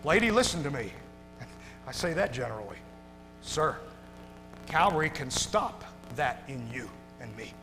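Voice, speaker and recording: A male pastor preaching a sermon to his congregation, moving from hushed, tender passages to loud shouting. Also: mid-range voice, big pitch swings, a little slow, long pauses. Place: church sanctuary. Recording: long hall reverb with music behind.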